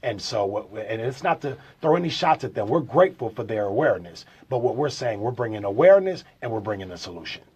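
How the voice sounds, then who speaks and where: A middle-aged man from St. Louis, a business guest on a radio interview, explaining his company in an earnest sales pitch. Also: big pitch swings, quick pace, few pauses, darkish tone, husky, highs cut off. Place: radio studio.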